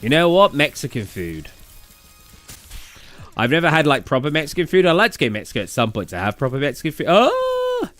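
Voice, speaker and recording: Chatty southern English man, lively pitch. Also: fast talker, pauses often, soft background music. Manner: rambling, chatty, answers chat. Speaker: gaming streamer. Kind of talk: casual livestream chat.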